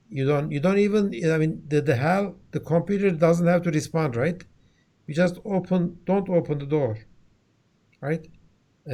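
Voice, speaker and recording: A male lecturer with a Turkish accent and a slightly higher voice. He explains to a class in plain, repeated phrases, checking in with "okay?" and "right?". He often stumbles and restarts mid-sentence. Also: darkish tone. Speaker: university lecturer.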